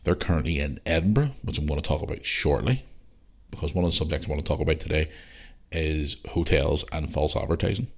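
A man's voice: rumbling low, fast talker, creaky, slightly rough. A middle-aged man with a Northern Irish accent, hosting a casual solo podcast and chatting in a rambling, ranting way. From Northern Ireland. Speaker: podcast host.

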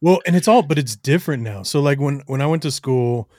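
A man's voice: medium pitch, a little fast, darkish tone, slight background noise. A man in his thirties, a podcast guest, chatting casually and rambling with lots of fillers. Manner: rambling, full of fillers and "right?". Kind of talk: casual chat.

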